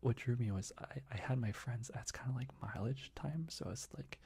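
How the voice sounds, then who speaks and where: A young man talking in a soft, rambling ASMR whisper, full of restarts, as he shares life updates. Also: mid-range voice, moderate pace, vocal fry, breathy edge. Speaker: ASMR creator.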